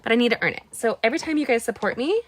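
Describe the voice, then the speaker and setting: A woman hosting a live card-making tutorial, chatting warmly with her viewers and reading their comments as she works. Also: on the high side, expressive, rapid-fire, a little hiss or hum. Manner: bubbly, talks to viewers directly, reads out chat; gets emotional when talking about a late friend. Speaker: card-making instructor and live-stream host.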